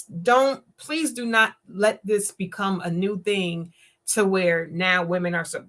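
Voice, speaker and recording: A woman's voice: mid-range voice, fairly bright tone. A woman hosting a live-streamed talk show, speaking emphatically and preaching her point, often acting out the words of others. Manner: emphatic, preachy, acts out quotes in voices.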